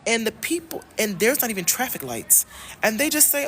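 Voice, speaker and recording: A woman from the United States chatting casually in a travel vlog, animated and emphatic, repeating phrases and talking straight to her viewers. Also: a little high, moderate pace, a little hiss or hum. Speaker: travel vlogger and love coach.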